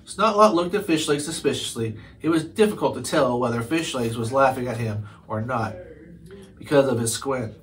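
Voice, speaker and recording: A man reads a chapter book aloud in an ordinary middle-pitched voice. He stumbles over words here and there and goes back to correct himself as he reads. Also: normal speed, low-quality recording. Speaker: storybook reader.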